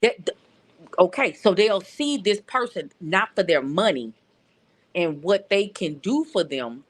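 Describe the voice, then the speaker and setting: A woman's voice: on the low side, lively intonation, measured pace. Middle-aged woman calling in, earnest. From North Louisiana. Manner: earnest, repeats words while searching for them. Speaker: caller. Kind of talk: casual call-in chat.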